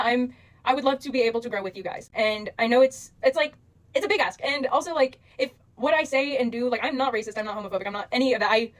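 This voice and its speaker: Over a rough recording, a young creator talks directly into the camera to her followers at a fairly high pitch. Earnest and emotional, she rambles with many fillers while asking them to be patient.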